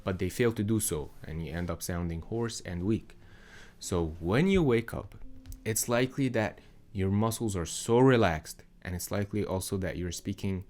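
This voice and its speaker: A young adult man, a voice coach, explaining in a calm, measured teaching manner. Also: on the low side. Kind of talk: instructional explainer.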